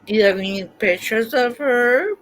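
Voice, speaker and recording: A woman hosting a livestream who talks softly and sympathetically with her guests. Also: on the high side, expressive, moderate pace, slight background noise, low-quality recording. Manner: soft, sympathetic. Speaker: livestream host. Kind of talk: casual livestream chat.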